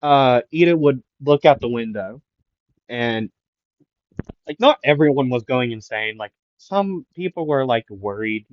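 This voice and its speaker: A man's voice: mid-range voice, animated, measured pace, no room sound. A man improvising a fan story, rambling with many fillers and restarts, keeping his voice down after a sore throat. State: recovering from a sore throat, avoids raising voice. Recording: dull lo-fi mic, dry.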